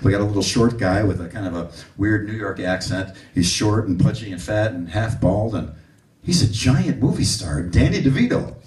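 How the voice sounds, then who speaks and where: A low-voiced man speaks to a live clinic audience, telling stories with lively acted-out quotes. The sound is roomy and picked up from a distant mic. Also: moderate pace. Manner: animated storyteller, acts out quotes. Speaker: bass clinician. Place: room with an audience.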